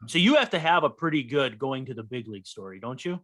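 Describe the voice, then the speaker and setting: A man's voice: medium pitch, lively intonation, fast talker, fairly bright tone. Podcast host prompting his guest. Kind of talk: casual chat.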